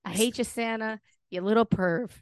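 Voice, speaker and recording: A woman's voice: on the high side, normal speed, smooth, no room sound. A woman in her thirties co-hosting a podcast in casual chat, ranting bluntly and swearing freely. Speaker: podcast co-host.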